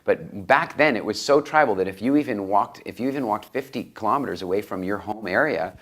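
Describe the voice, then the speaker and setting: Animated middle-aged man telling stories. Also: a little fast. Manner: animated, rises in pitch when quoting others. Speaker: interview guest, speaker and coach. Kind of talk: conversational interview storytelling.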